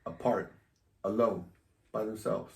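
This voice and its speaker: A man's voice: lowish voice, fairly even intonation, unhurried, vocal fry. A man hosting a casual chat, provocative and teasing, laughing often. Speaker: host. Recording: echoey room, mic at a distance.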